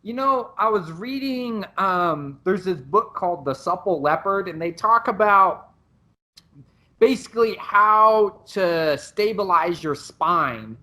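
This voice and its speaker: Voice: mid-range voice, lively intonation, takes it slowly, pushed and bright. Muay Thai coach co-hosting a podcast. Casual, explanatory, stops and restarts often. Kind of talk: casual chat.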